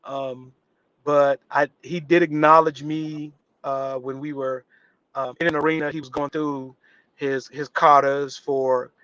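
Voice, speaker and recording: Animated man telling a story, muffled audio. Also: a little high, a little slow, smooth, no echo. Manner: animated, acts out quotes with voice shifts. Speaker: actor guest. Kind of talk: storytelling in a live interview.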